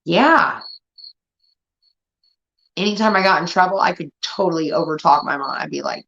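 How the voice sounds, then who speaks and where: A woman's voice: fairly low pitch, normal speed, gravelly, long pauses. Profane woman telling family stories. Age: 30s. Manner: profane, animated, acts out family members. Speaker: streamer. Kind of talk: casual storytelling. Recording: dull lo-fi audio.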